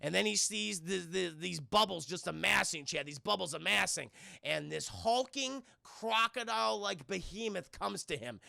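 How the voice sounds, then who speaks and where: A man's voice: high voice, moderate pace, gravelly, dry recording, clean studio sound. A young man who reviews cartoons, recapping an episode to a live chat in a loose, profane way and constantly calling out to the chat. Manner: animated, swears a lot, keeps addressing the chat.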